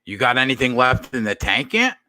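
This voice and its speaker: A man's voice: mid-range voice, very animated, a little fast, bright, forceful tone, no echo. A man co-hosting a casual podcast, teasing with profane banter. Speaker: podcast co-host. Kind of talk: casual chat.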